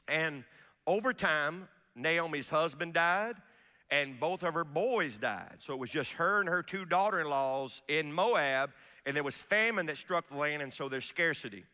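A man preaching from the pulpit, his voice high and bright as it rings through a large sanctuary with long reverb. He preaches in an animated, folksy way, tossing in asides and calling out to the congregation. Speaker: pastor. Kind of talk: sermon.

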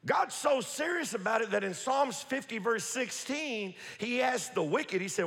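A man preaching a sermon as pastor, building to shouts and repeating phrases, recorded in an echoey church hall. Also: very high-pitched, animated, a little slow, vocal fry, few pauses, husky. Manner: preaching with rising shouts and repetition. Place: church sanctuary. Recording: echoey hall with long reverb.

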